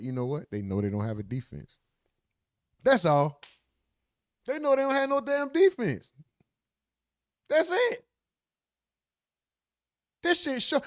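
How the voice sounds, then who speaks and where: A man with a fairly high voice rants through a casual live commentary, profane and slangy. He sounds close and dry, with no room around him. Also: no echo. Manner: profane, animated, slangy ranting. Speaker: livestream commentator.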